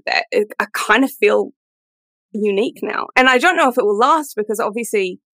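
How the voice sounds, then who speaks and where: A woman talks in a relaxed podcast chat, her voice gravelly with fry and a bright, forward tone. She sounds thoughtful and animated, like someone with stage training. The sound is close and dry. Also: mid-range voice, moderate pace, dry recording. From England. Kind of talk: casual chat.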